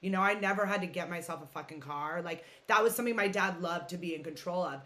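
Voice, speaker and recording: A woman's voice: lowish voice, fast, bright, forceful tone. A woman hosting a podcast, talking in a chatty, rambling, frank way with frequent swearing. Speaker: podcast host. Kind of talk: casual chat.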